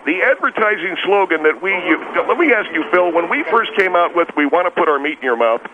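A man calls in over a tinny phone line with faint hiss, playing a blustery, touchy steakhouse owner who brags and gets flustered easily. His voice is high, expressive and brisk, with crowd noise behind him.

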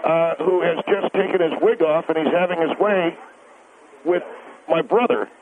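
Man, high voice, stammering, insistent, rambling caller, tinny phone line. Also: moderate pace, crowd noise. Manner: stammering, insistent, repeats himself. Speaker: radio caller.

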